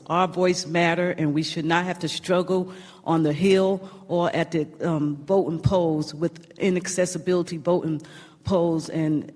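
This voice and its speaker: A man gives an earnest, emphatic acceptance speech as a disability advocate and repeats lines for emphasis. His voice is slightly high. A long reverb from the council chamber hangs behind him. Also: darkish tone.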